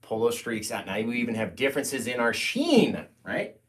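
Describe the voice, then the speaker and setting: A young man teaching a live painting tutorial, mostly soft and gentle, with sudden playful loud bursts. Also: mid-range voice, very animated, normal speed, noisy background. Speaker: painting instructor.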